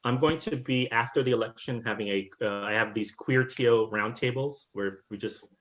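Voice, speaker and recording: A man's voice: medium pitch, moderate pace. A man from Puerto Rico, speaking as a guest on a webinar, reflective and conversational, often checking in with "right?". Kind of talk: webinar talk. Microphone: video call.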